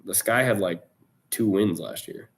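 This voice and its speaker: A man with a fairly low voice hosts a live trading stream. He talks loosely and casually in slang, reacting to his viewers as he goes. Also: measured pace. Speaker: livestream trading host. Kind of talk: casual livestream chat to viewers.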